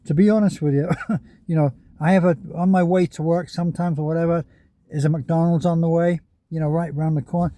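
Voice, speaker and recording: A man's voice: a little high, steady tone, a little fast, mellow, dry recording. A man in a parked car giving casual, rambling commentary on other YouTubers, chatty and often chuckling.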